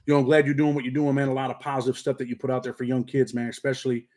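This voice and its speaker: A middle-aged man from Rochester, New York, with a slight country twang, hosts a casual livestream, reading comments and chatting; he's also a paralegal. His mid-range voice is flat and racing, with a darkish tone. Laid-back and streetwise, he uses street slang and says "man" a lot.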